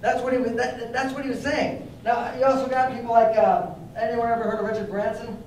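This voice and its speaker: A young adult man giving a lively motivational training talk to a live group, telling stories and putting questions to the audience. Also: very high voice, a little fast. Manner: energetic, storytelling, asks the audience questions. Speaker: network marketing trainer. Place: training room before an audience. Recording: very echoey room, mic at a distance.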